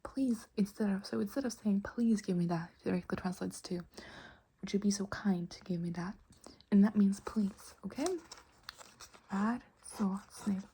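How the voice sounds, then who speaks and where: A woman teaching in a whispered ASMR lesson, slow and patient, gently repeating each word. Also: medium pitch, steady tone, breathy edge, poor audio.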